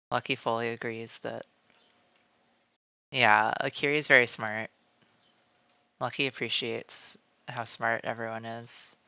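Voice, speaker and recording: A man's voice: mid-range voice, gravelly, pushed and bright, lo-fi sound. A man streaming from home while he draws, rambling casually with lots of "like" and calling himself by name in the third person. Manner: rambling, many "like" fillers. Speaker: streamer drawing live. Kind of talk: casual chat while drawing. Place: at home, cat nearby.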